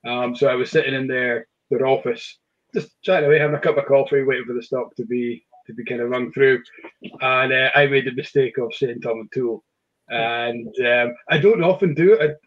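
A man hosts a relaxed online whisky chat. His pitch sits mid-range, and he hesitates often with fillers and restarts. The sound is dull and lo-fi, like a video call. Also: a little fast. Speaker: whisky shop host.

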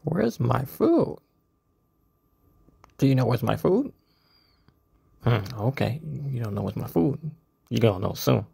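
A woman voicing a grumpy cat who demands its food in a slow, threatening murmur. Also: a bass voice, very animated, vocal fry, warm tone, husky, exaggerated voice. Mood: menacing.

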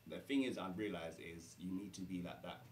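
Low-voiced parent, fast and firm, caught in an echoey room off-mic with faint hum. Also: male voice. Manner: firm, matter-of-fact, emphatic. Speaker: podcast guest, parent. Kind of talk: casual group chat. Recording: roomy, distant mic, faint background hum.

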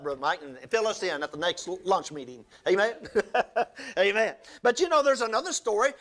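A man preaching a sermon, retelling scripture stories and asking the congregation for amens. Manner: storytelling preacher, calls for amens, pitch swings up and down.

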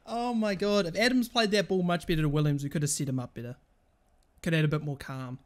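A man talks through his football video game, muttering low when calm and shouting high when a pass goes wrong. He swears freely at the game, and his voice swings through a wide pitch range. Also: fast talker. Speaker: gaming channel host. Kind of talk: live gameplay commentary.

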